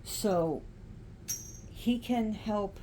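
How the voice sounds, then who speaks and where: A woman casually explaining oracle cards and ritual practice in a spiritual vlog, speaking in a halting way with frequent restarts. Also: mid-range voice, warm tone, a little hiss or hum.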